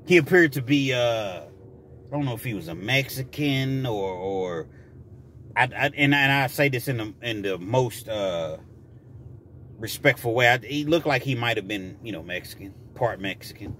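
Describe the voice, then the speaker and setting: Lively, bright-voiced male storyteller who acts scenes out, casual vlog delivery. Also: mid-range voice, normal speed, long pauses, a little hiss or hum.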